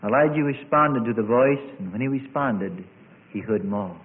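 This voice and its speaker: A middle-aged male pastor preaching a sermon, swelling suddenly loud and dropping to a hush. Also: mid-range voice, expressive, normal speed. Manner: dramatic preaching with sudden swells and hushed drops. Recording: tinny phone-like sound.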